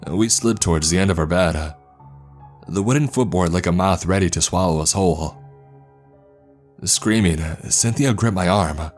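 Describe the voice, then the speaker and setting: A man narrating a horror story in a measured, dramatic storytelling manner. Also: deep voice, soft background music.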